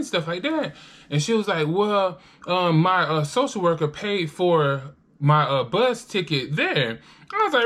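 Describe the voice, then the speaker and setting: A young adult woman vlogger telling a casual storytime while eating. She is animated, acts out the voices she quotes and swears freely. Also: fairly low pitch.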